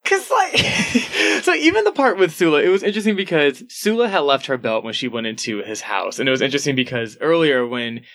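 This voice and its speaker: A fairly high-voiced man co-hosting a podcast. He talks in a loose, animated way, full of fillers and quick laughs. It sounds like a relaxed book chat between friends. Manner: chatty, animated, laughs often, filler-heavy. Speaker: podcast co-host. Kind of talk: casual book discussion.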